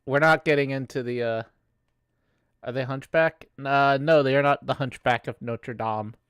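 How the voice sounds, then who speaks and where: A man's voice: mid-range voice, steady tone, normal speed, fairly bright tone, clear, resonant tone, no echo, dull audio. A man hosting a casual sports podcast, rambling with fillers and swearing, with a cough. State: has a cough. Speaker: podcast host.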